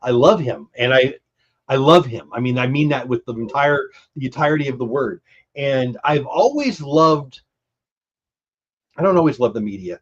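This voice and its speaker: A man's voice: medium pitch, lively intonation, normal speed. A man hosting a casual baseball watch-party livestream, calling plays and chatting in an enthusiastic, rambling way. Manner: enthusiastic, rambling, talks over others. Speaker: livestream host. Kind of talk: casual livestream chat with play calls. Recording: dull lo-fi stream audio.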